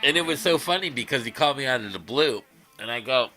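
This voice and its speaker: A man's voice: medium pitch, animated, quick pace. A man hosting a guitar livestream, chatting casually and rambling through stories with frequent chuckles.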